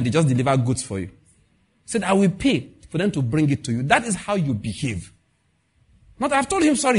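Husky Nigerian preacher, lively delivery. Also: male voice, a little high. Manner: animated, acts out quoted dialogue, asks the audience questions. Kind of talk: conversational sermon.

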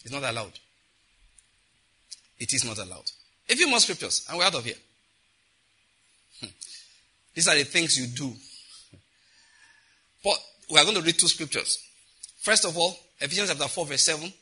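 A man preaching a sermon as pastor, animated, with asides and a husky voice. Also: on the high side, moderate pace, pauses often, low-quality recording.

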